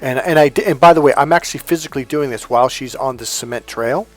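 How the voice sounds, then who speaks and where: A man's voice: medium pitch, fast talker. Emphatic man telling stories, faint music. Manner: emphatic, storytelling, acts out quoted dialogue. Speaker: self-help coach. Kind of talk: spontaneous motivational monologue.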